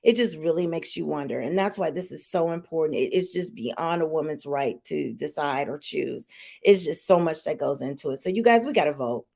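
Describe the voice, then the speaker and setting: A woman's voice: low-pitched, normal speed, gravelly, dark tone. A woman hosting a podcast, talking straight to her viewers in an outspoken, emphatic way and repeating her points. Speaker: podcast host. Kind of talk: casual opinion talk to viewers. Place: live online stream.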